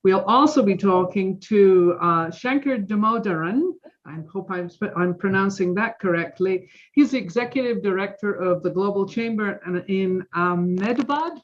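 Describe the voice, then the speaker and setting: A woman's voice: mid-range voice, expressive, normal speed. An enthusiastic woman previews next month's speakers on a video call. Her voice comes through dull and lo-fi, as if over a muffled connection. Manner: upbeat and enthusiastic. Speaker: co-host announcing next month's program. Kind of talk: casual announcements on a video call.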